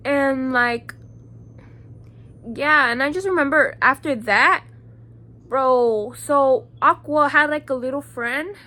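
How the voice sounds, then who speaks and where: Fired-up young woman, high bright voice. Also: slow, pauses often. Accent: Chicago. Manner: heated, profane, lots of "like" fillers. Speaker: vlogger. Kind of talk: casual storytime vlog.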